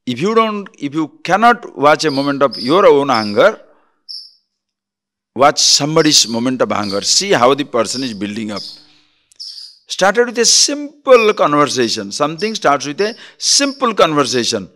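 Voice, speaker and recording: Speaking at normal speed in a slightly high voice, a male teacher delivers a spiritual talk, bringing his stories to life and performing the quarrels in them.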